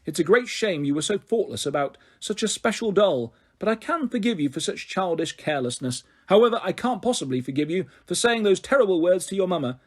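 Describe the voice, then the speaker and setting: A man's voice: sits high, lively intonation, fairly quick, few pauses. A man reading a storybook, voicing a stern, reproachful middle-aged father.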